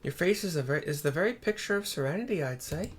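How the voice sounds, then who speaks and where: A man voicing a small, quick-witted young woman with a put-on accent, talking excitedly. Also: full character voice. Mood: admiring. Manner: excitable, fast, squeaky.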